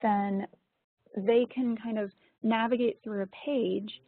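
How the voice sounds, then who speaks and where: Female webinar presenter, husky and explanatory, on a tinny dry line. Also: fairly high pitch, steady tone, slow, dry recording. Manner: explanatory, frequent ums and you-knows. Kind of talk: webinar lesson.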